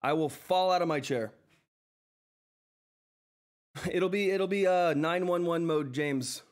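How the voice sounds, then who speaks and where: A man's voice: fairly high pitch, slow pace. A man hosting a live stock-trading stream, flustered and effusive, thanking viewers again and again and laughing often. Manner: excitable, flustered exclamations. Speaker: livestream host reading viewer chat. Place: seated in a chair at home.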